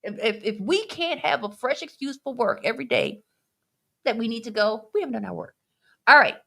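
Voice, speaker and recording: A woman's voice: mid-range voice, gravelly, bright, forceful tone. A woman co-hosting a casual podcast, reading chat comments and laughing as she acts out quoted voices.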